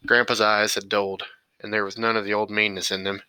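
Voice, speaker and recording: A man reading an audiobook in a steady, measured way. His tone is bright and forward, and the recording is dry and close, with no room sound. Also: on the low side, smooth, no room sound, low-quality recording. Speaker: audiobook reader. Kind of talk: audiobook narration.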